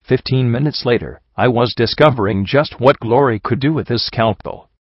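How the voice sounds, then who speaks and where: A man reading a first-person story aloud in a steady, even way, recorded dry and slightly dull. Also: mid-range voice, normal speed, no room sound. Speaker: audiobook reader.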